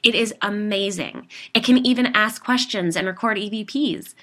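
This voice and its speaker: A woman's voice: mid-range voice, sharp tone, pitched above the performer's own voice. A woman doing an eager cryptid-hunting neighbor. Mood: excited. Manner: eager, conspiratorial, quick when explaining.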